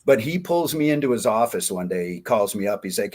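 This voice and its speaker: A man in his forties telling war-buddy stories in a folksy, animated way on a casual interview. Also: on the low side, fast. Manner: folksy, animated, acts out quoted dialogue. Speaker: podcast guest, diving company founder.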